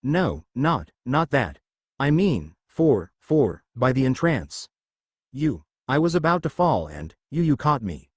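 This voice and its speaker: A man's voice: medium pitch, sing-song, slow, husky, dry recording, full character voice. A man voicing a flustered, stammering teenage boy hero in a read-aloud fan story. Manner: stammering, apologetic.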